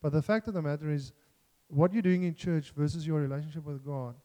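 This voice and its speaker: A man's voice: on the high side, steady tone, fairly quick, warm tone, long reverb tail. A man preaching a sermon in an earnest, self-deprecating way, joking and restarting as he talks.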